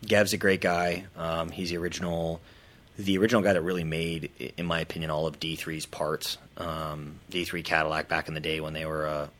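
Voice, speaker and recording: A man's voice: extremely low pitch, a little fast. A man who runs a parts engineering company, chatting casually and animatedly about car builds. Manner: animated, acts out quoted voices. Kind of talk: casual chat.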